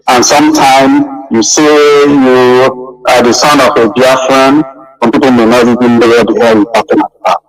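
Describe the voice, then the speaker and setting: A man's voice: mid-range voice, distant mic, low-quality recording. A man giving an impassioned speech, pleading and repeating his calls to his listeners. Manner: pleading, repetitive exhortation. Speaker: guest speaker.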